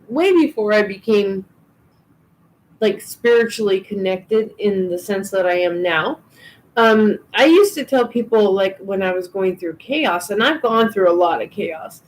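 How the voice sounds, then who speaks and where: A woman's voice: mid-range voice, rough recording. A woman giving a live tarot and oracle card reading, chatty and reassuring, with frequent ums and restarts. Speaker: tarot reader.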